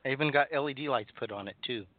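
A man's voice: medium pitch, racing, lightly acted. A man doing a goofy put-on old Scottish-style accent in crude comedic call-in banter. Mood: hammy. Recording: phone-like audio.

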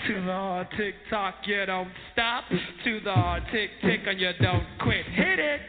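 A young man tells a boastful story in rhyme, half-singing with a playful swagger. His voice sits high and bright against a pounding hip hop beat. The sound is tinny and thin, like a lo-fi phone line. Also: steady tone, measured pace. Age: young adult. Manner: playful, half-sung bragging delivery. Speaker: rapper. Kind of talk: storytelling rap over a beat. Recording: tinny lo-fi music recording. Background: loud hip hop beat.

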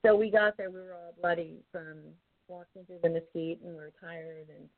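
A woman's voice: fairly low pitch, fairly even intonation, moderate pace. A woman investigator telling a story in an interview, rambling with many ums and restarts, sometimes drifting off the mic. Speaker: paranormal investigator guest. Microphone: phone or call-in line, drifting from the mic. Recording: tinny phone line.

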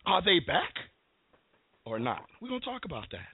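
A man's voice: high voice, huge pitch swings, moderate pace, creaky, breathy edge, dry recording. A man from Connecticut hosting a call-in sports talk show, ranting in a fired-up, emphatic way and repeating his phrases. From Bristol, Connecticut, USA. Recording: tinny phone-line sound, dry.

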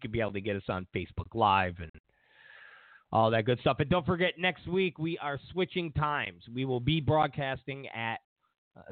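The host of a political commentary show, a man with a mid-range voice, wanders through sarcastic, digressive remarks. The recording sounds dry and tinny, like a phone line.

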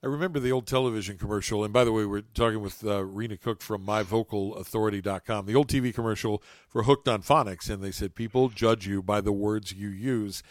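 A man's voice: on the low side, quick pace, few pauses, no echo, studio quality. A man from southern West Virginia hosting an interview podcast with a friendly, courteous broadcaster delivery. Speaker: podcast host.

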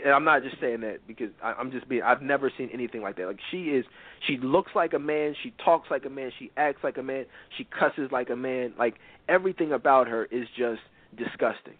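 A man's voice: medium pitch, no echo. A man hosting a radio talk show, giving blunt, preachy, emphatic commentary. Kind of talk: opinionated commentary on reality TV. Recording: tinny phone-like radio sound.

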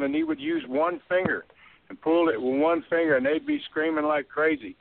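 A man's voice: on the high side, vocal fry, slight background noise. Man, folksy drawl, storytelling guest, phone-quality audio. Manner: drawling, folksy, laughs while telling stories. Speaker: guest, former wrestler. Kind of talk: casual storytelling. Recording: tinny phone-like line, dry.

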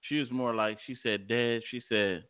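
A man's voice: medium pitch, fairly even intonation, moderate pace, smooth. A middle-aged man in casual chat, stammering and laughing as he tells stories. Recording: tinny phone-like audio.

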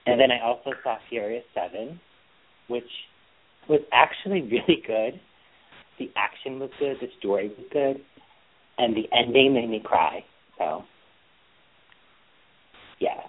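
A man's voice: mid-range voice, animated, a little slow, long pauses. Sassy chatty man on a tinny line. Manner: sassy, chatty, playful teasing. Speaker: podcast co-host. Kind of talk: casual gossipy chat.

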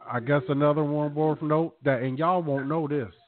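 A man co-hosting a podcast, chatting casually and reading numbers off a ranking with animated emphasis. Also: a little high, normal speed, dry recording. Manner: animated, reads out figures from a list. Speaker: podcast co-host. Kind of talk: casual profane banter. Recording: dry, tinny phone-like sound.

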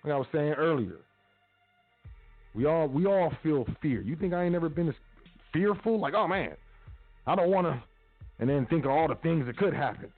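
A man's voice: fairly high pitch, lively intonation, brisk, soft background music. Man preaching casually over a tinny line. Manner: casual, preachy, repetitive urging. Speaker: podcast host. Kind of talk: motivational talk. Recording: tinny phone-like audio.

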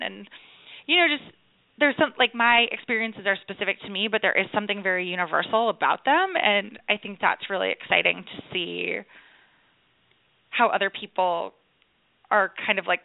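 A woman in her thirties talks as a podcast guest, her voice gravelly and full of fillers and quick laughs. The sound is dry and narrow, like a phone line. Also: mid-range voice, no room sound. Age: 30s. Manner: chatty, many fillers and laughs. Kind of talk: casual podcast chat.

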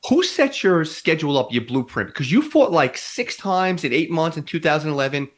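A male podcast host asking questions in an excitable, chatty and emphatic way. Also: a little high, brisk. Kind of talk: casual interview questions.

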